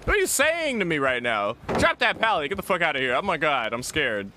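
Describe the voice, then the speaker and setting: A man's voice: a little high, very animated, brisk, noisy background. A man streaming a video game in casual banter, swearing freely, laughing and breaking into rambling freestyle raps. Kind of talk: casual gaming livestream banter.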